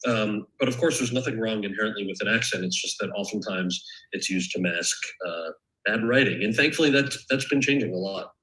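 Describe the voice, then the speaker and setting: Bright-voiced man reading and chatting. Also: lowish voice, a little fast, poor audio. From United States. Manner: candid, thoughtful, with frequent restarts. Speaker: author and actor guest. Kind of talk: reading from his memoir, then answering questions. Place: event stage or panel, indoors.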